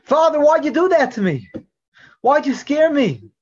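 A man's voice: extremely high pitch, sing-song, measured pace, darkish tone, pitched above the performer's own voice, exaggerated voice. A man voicing a frightened young boy who pleads tearfully with his father. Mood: hurt. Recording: dull lo-fi recording.

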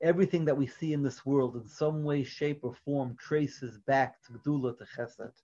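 A man giving an earnest religious lecture, often dropping to a quiet, soft delivery, and weaving in a story. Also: medium pitch, moderate pace. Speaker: Torah teacher. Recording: dull lo-fi recording.

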